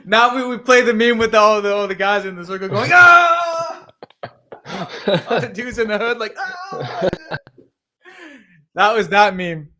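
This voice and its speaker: A man hosts a casual live stream in a fairly high voice. He gets hyped fast, drops slang and swears freely while he talks. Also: fairly bright tone, a little hiss or hum. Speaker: host of a live listing audit.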